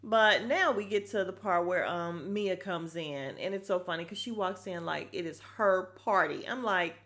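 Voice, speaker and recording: Woman, podcast host, casual recap, sassy, blunt, swears freely, animated. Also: on the low side, moderate pace. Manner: animated, acts out the cast's lines.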